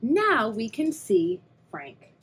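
A woman voicing an encouraging young boy in a picture book, speaking in a bright, reassuring sing-song way. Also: a little high, huge pitch swings, slow pace, a little hiss or hum, exaggerated voice. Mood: upbeat. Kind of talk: read-aloud picture-book voice.

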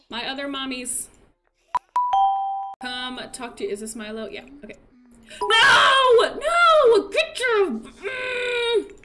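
A young woman live-streaming a life-sim game, chatting casually and gushing over the game while thanking her chat. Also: fairly high pitch. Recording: loud game music behind. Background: game music.

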